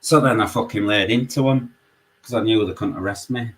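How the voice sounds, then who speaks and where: A man with a Yorkshire accent, calling in and telling a story in casual chat, swearing constantly and animated. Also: lowish voice, a little fast, rough recording. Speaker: caller.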